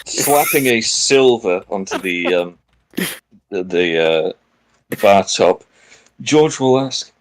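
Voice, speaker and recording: Man, very deep voice, dry sarcastic tabletop player. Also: lively intonation, slow pace, pauses often, rough recording. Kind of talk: tabletop game play.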